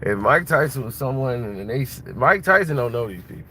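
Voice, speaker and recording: A man's voice: mid-range voice, lively intonation, brisk, pushed and bright. A man giving blunt, mocking casual commentary while driving. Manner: blunt, mocking, laughs at his own jokes. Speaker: vlogger. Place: inside a car, driving. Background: faint car and road noise.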